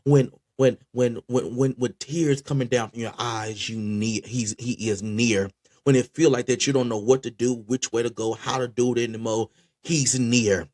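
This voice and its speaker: A man's voice: medium pitch, fairly even intonation, normal speed, a little mellow. A man preaching a sermon with passion, often repeating words as he restarts his phrases. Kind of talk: spoken sermon.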